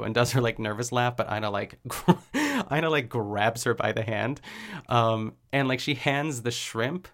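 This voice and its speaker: A man hosting a podcast, chatting casually and rambling with lots of "like" fillers and quick laughs as he recaps a cooking show. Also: medium pitch, a bit bright. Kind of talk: casual chat.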